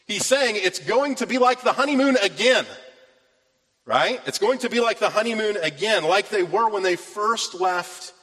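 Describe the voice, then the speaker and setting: This man's voice sits high and fairly bright, with lively intonation at a moderate pace. As a pastor preaching from scripture, he sounds earnest and builds emphasis on key phrases, all in the long reverb of a large hall.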